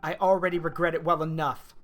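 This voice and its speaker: A man streaming a cozy visual novel, reading the characters' lines aloud in a subdued, quiet way. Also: a little high, flat delivery, quick pace, soft background music. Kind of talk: reading game dialogue aloud.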